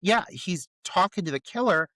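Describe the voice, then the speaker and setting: Lively, profane male podcast co-host. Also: sits high, normal speed, no room sound. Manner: animated, profane, sarcastic ranting. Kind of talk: casual podcast chat.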